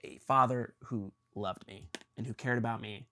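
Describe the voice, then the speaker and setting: A young man hosting a podcast, talking earnestly and confessionally with his father, halting with ums and restarts. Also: on the low side, steady tone, vocal fry, bright, forceful tone. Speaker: podcast host. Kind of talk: emotional conversation with his father.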